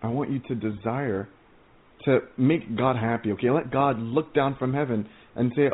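A man giving an informal testimony sermon, earnest and excitable, rambling with many stammered restarts. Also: medium pitch, normal speed. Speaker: preacher sharing visions. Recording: tinny phone-like audio.

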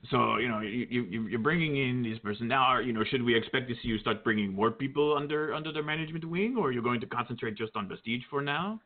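A man's voice: mid-range voice, fast, hardly any pauses. Laid-back joking male co-host, mid voice, tinny line. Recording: phone-like narrow sound.

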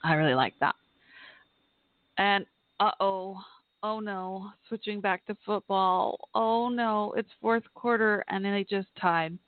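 Talking back at a football game and laughing a lot, this podcast host from Texas chats casually on a live stream. She speaks slowly in a mid-range voice over a tinny, phone-like line, and the recording is dry and close.

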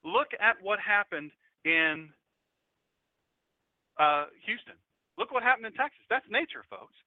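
A man preaching a radio sermon from the United States, telling stories with emphatic, animated swings in his voice. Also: high-pitched, unhurried, no echo. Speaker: pastor. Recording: dry tinny phone-like audio.

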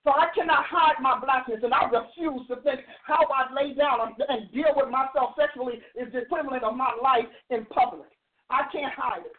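A woman's voice: sits high, fairly quick. A woman in her sixties telling a story and arguing emphatically, like a host preaching to her audience. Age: 60s. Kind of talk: animated opinion talk. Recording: tinny phone-like sound.

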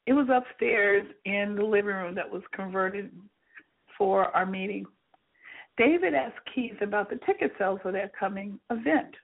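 A woman reading her own memoir aloud in an earnest storytelling manner, with a husky voice and tinny phone-like sound. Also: mid-range voice. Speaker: author reading her book.

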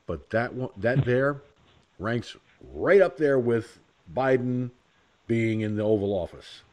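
Profane, lively man hosting talk radio. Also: mid-range voice, slow. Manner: blunt, profane, rambling with impressions. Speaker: host. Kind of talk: casual radio talk show.

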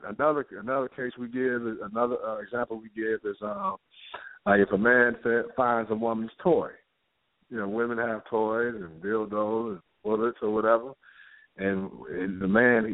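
Animated storytelling man over a tinny line. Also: mid-range voice, normal speed, no echo. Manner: animated storyteller, acting out quoted characters. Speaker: guest playwright. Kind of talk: casual talk show chat. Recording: tinny phone-line audio.

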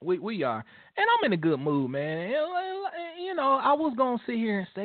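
A man co-hosting a casual sports talk show, loud and swaggering, trash-talking players with laughs. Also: extremely high pitch, big pitch swings, normal speed, dry recording. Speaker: co-host, the player. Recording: dry, tinny phone-like sound.

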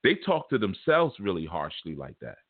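A man teaches in a casual, rambling way, leaning on "you know" as he talks. His voice sits low. The sound is thin and phone-like, and it is very dry. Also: huge pitch swings, moderate pace, no echo. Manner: loose, conversational, repeats "you know". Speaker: spiritual teacher. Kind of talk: casual spiritual talk.

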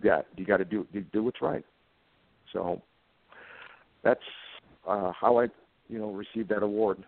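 A man in his fifties with a lowish voice tells stories in a plain, earnest way. He sounds tinny and phone-like. The sound is dry, with no room echo. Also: unhurried, creaky, long pauses. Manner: earnest, plain-spoken, emotional when recalling events. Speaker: police officer guest. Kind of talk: anecdotal storytelling in conversation.

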